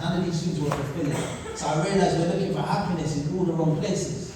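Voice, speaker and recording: A man telling a story live on stage, animated and acting out the voices of the people in it. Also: fairly high pitch, quick pace, background noise. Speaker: speaker. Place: large hall at an event. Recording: echoey hall from far off.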